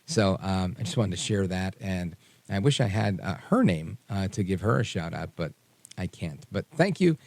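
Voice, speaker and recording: A male radio talk host with a low voice that swings up and down a lot as he tells stories. He sounds chatty and animated, close on a studio mic in a dry booth with no room sound. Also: normal speed, creaky, no echo. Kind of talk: casual radio monologue.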